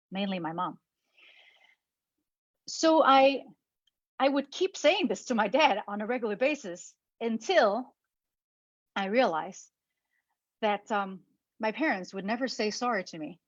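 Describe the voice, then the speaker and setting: A woman giving a personal talk, halting and repeating words, holding back tears. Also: medium pitch, dry recording, lo-fi sound. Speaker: speaker.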